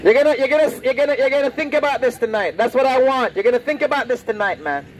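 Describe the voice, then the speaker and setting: A man preaching loudly and confrontationally on the street, repeating his lines. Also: very high-pitched, expressive, fast talker, slight background noise, rough recording. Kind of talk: open-air street preaching. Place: outdoors on a street.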